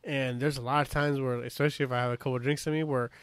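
A man chatting casually about his service, swearing freely in a relaxed way. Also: mid-range voice, fast talker, clean tone, dry recording. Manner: laid-back, profane, conversational. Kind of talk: casual podcast chat.

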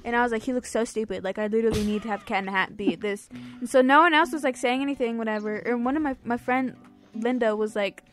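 High-voiced chatty woman. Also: fast, soft background music. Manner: chatty, giggly storyteller. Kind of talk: casual chat.

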